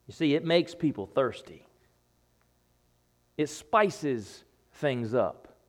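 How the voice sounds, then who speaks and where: Animated, slow-preaching man. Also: on the high side. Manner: emphatic, repeats phrases, rises and drops sharply for effect. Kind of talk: sermon.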